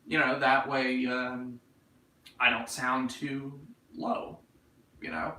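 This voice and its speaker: Reading viewer comments on his laid-back livestream, this twenty-something host with a North Carolina Southern drawl rambles, jokes, and swears. He speaks slowly in a steady, mid-range voice that sounds pushed and bright. Captured from a distant mic, the audio is reverberant and rough.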